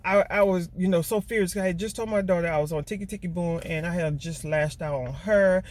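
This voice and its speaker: A woman's voice: fairly low pitch, fairly quick, a little mellow. A middle-aged woman, telling a story to her vlog viewers in a casual, emotional way, often repeating herself and stumbling over words. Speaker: vlogger mom.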